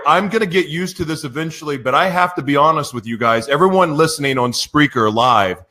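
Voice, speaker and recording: Male radio host, bright forceful voice, effusive and emotional, live studio opener. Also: on the high side, brisk, hardly any pauses. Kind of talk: live radio show opening.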